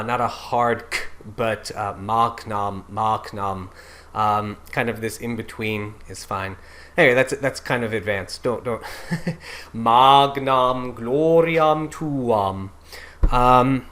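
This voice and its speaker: A man teaching German-style Latin pronunciation, talking haltingly with many fillers and slowly singing out example words. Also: mid-range voice, a bit bright. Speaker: diction coach.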